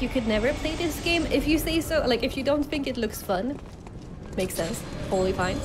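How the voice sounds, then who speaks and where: A fairly high-voiced woman talks through a live game stream in a loose, chatty way, laughing at her own blunders and answering her chat. Game music plays clearly underneath her voice. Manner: chatty, self-deprecating, talks to chat while playing. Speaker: streamer playing a video game. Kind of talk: casual live-stream commentary.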